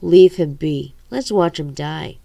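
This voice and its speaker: A cruel, soldierly man taunting his captives, as a woman reads him. The voice is low and gravelly. It is recorded dry and close. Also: takes it slowly, mellow, dry recording, full character voice. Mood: cold. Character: smug, cruel male soldier-like villain.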